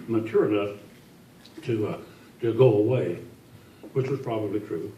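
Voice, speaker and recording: A man's voice: on the low side, lively intonation, unhurried, muffled recording, a little hiss or hum. An older man from Tennessee, telling folksy, joking stories as a guest speaker. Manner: folksy, joking, self-deprecating. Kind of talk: after-dinner storytelling speech. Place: large indoor function room. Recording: echoey hall from a distance.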